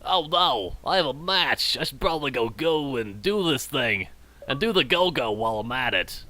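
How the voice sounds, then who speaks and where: A man's voice: mid-range voice, expressive, normal speed, sharp tone. A man voicing a lazy, half-awake young gamer with a drowsy, mumbling drawl. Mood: sluggish.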